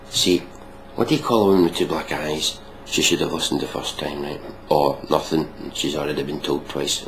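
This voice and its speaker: A man's voice: a bass voice, steady tone, a little slow, gravelly, a bit bright, slight background noise, rough recording. A man hosting a casual reaction video, mocking and sarcastic, swearing freely.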